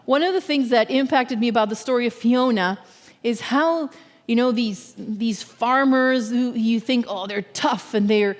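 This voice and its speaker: A woman giving a sermon as a guest speaker in a church, talking in an earnest, measured way and often checking in with her listeners. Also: on the high side, long reverb tail. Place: church sanctuary.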